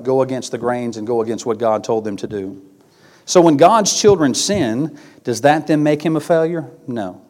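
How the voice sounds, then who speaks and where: A man's voice: fairly high pitch, a little mellow. A man preaching a sermon in an earnest way, building emphasis through repeated phrases.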